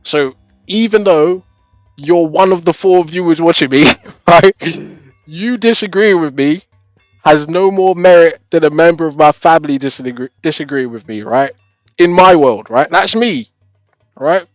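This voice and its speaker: A man's voice: fairly high pitch, a little slow, dry recording, soft background music. A young man on a live stream, chatting casually to his viewers. He laughs often, swears, and keeps tagging his points with "right?". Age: young adult.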